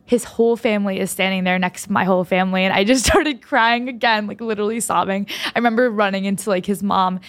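A woman's voice: mid-range voice, fast, hardly any pauses. A young woman hosting a podcast, telling a personal story in a rambling, heartfelt way with many restarts. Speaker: podcast host.

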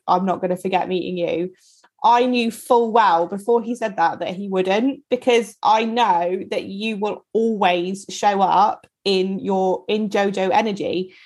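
A woman co-hosts a relaxed chat, backing up her friend in a supportive way. Her voice sits at an ordinary pitch, and "like" comes up often in her talk. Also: a little slow. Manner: supportive, uses lots of "like". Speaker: podcast co-host. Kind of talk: casual chat.

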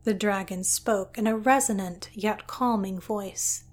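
A woman narrating a scripted story in an even, descriptive way. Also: medium pitch, a little slow, soft background music.

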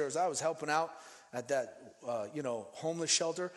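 A man from Denver preaches a casual, animated sermon, slipping into the voices of the people in his stories. His voice sits a bit high for a man, and it rings out with a long reverb, as if in a big church hall. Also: fairly quick. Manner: conversational and animated, acting out quoted voices. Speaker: pastor.

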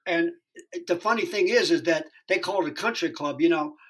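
A middle-aged man from Youngstown, Ohio, telling stories in an interview, profane, rambling and excitable. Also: on the high side, brisk. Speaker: actor being interviewed. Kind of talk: casual storytelling interview.

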